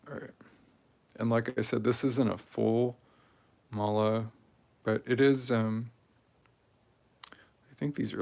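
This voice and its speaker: A man in his forties talking casually and rambling while he strings beads, with many pauses and fillers. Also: medium pitch, steady tone, vocal fry, a little mellow. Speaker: craft video maker. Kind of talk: casual talk while crafting.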